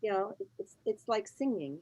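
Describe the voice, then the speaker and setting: A woman's voice: medium pitch, very animated, moderate pace, warm tone, husky, dry recording, rough recording. A woman writer and teacher on a literary panel, speaking thoughtfully and searching for words as she goes. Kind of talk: panel discussion.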